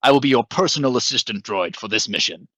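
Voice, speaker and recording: A man's voice: medium pitch, lively intonation, fast talker, pushed and bright, slight background noise. A man voicing a small hovering assistant droid, cheerful and polite. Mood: chipper. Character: chipper helper droid, small hovering robot.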